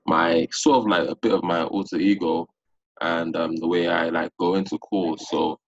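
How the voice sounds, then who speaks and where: Young-ish London man, deep voice, hesitant with fillers, lo-fi call sound. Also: fairly even intonation, normal speed, breathy edge. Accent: London English. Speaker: student on a coaching call.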